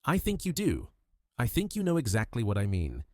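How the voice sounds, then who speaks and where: A man voicing a shrewd, fussy Belgian detective in an audiobook, gentle but implacable, dropping French phrases. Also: medium pitch, wildly swooping pitch, normal speed, no room sound, clean studio sound. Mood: accusing. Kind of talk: audiobook character voice.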